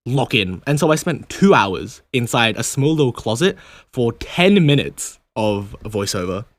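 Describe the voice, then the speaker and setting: Laughing Australian man, lively pitch. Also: unhurried, dry recording. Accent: Australian, mixed with American and British. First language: not English. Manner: laughing, chatty, many restarts. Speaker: YouTuber and guest. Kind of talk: casual podcast chat.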